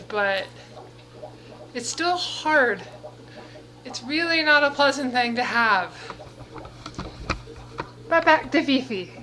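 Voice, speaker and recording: A woman's voice: sits high, pushed and bright, low-quality recording. A woman chatting casually in a home vlog, out of breath and slipping into baby talk with her pets. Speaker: vlogger. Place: home, indoors.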